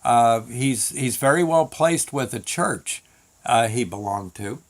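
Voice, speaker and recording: A man's voice: medium pitch, lively intonation, slow pace. A man hosting a show, telling a story in a casual, rambling way with many restarts and fillers. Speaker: show host.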